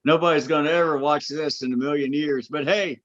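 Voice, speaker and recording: A man co-hosts a homemade podcast and tells stories in an animated, emphatic way, often dropping "man". His voice sits fairly high. The recording sounds a bit dull and lo-fi. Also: a little fast. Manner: animated storyteller, says "man" a lot. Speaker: podcast co-host. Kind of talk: casual family storytelling chat.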